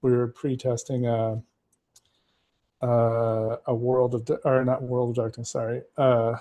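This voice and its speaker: A man's voice: mid-range voice, little pitch movement, measured pace, dark tone. A man in casual podcast conversation, rambling with many fillers and restarts as he talks about running games. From United States. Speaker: game master and guest.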